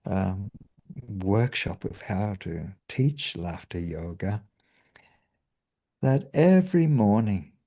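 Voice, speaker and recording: An Australian man with a dark, mellow voice who talks unhurriedly. He tells stories with lively energy, then slips into a soft, slow voice to guide a meditation. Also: lowish voice. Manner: animated storyteller, bursts of laughter and put-on voices.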